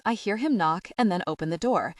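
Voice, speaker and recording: A woman narrating a first-person audiobook in an expressive, wry storytelling voice. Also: lowish voice, a little fast, no room sound, clean studio sound, far from the mic.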